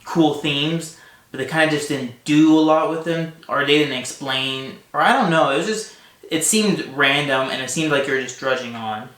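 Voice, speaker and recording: A man talks through a film review in a loose, rambling way, often restarting his sentences. His voice is bright and forceful. The room around him is echoey. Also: fairly high pitch, moderate pace. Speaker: co-host of a couple's film review. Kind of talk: casual movie review chat.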